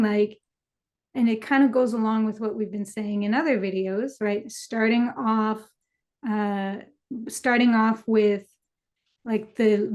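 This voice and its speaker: In a casual conversation, a woman who works as a youth educator speaks in a mid-range, slightly mellow voice. She keeps checking in with "right?" and affirms her partner often.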